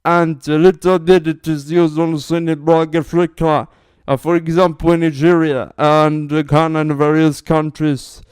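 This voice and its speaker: A man putting on a Jamaican accent in loud, relaxed English. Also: on the high side, moderate pace, smooth, dry recording, studio quality, close to an everyday voice. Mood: upbeat. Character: man faking a Jamaican Creole-tinged English.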